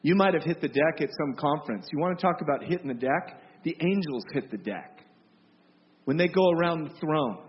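An impassioned male preacher with a high voice delivers an emphatic, scolding sermon. His words ring out with a long reverb in a large hall. The recording is muffled and carries a faint hiss. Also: animated, fairly quick.

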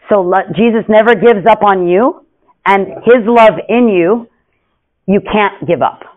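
A man preaching an informal sermon in an earnest, repetitive way, swinging between hushed lines and emphatic ones. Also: high-pitched, poor audio.

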